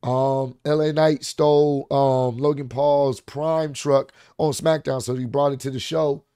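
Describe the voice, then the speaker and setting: A man giving a casual, excited recap of a wrestling show, rambling with fillers and restarts. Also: mid-range voice, measured pace, clear, resonant tone, no echo, studio quality.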